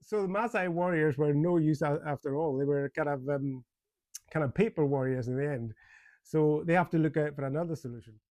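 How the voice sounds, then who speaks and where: A man's voice: a little high, fairly quick, darkish tone, no room sound. Chatty, amused man reviewing a film. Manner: chatty and amused, with many fillers and restarts and frequent chuckles. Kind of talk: casual spoken movie review.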